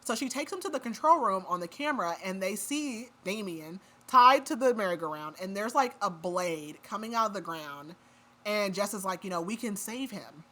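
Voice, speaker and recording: A woman's voice: mid-range voice, lively intonation, moderate pace, bright, forceful tone. A woman recapping a book plot on a podcast in a casual, chatty way, with lots of "like" fillers. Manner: chatty retelling full of "like" fillers. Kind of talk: casual chat.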